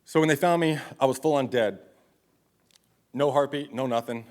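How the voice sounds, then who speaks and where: A man's voice: medium pitch, moderate pace, a little mellow. A man in his thirties giving a live motivational speech to an audience, telling his life story in a blunt, profane, confessional way. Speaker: motivational speaker. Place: event stage before an audience.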